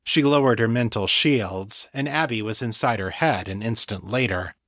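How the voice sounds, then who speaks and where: A man narrating his own novel as an audiobook in a measured, steady way. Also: lowish voice, no room sound, clean studio sound.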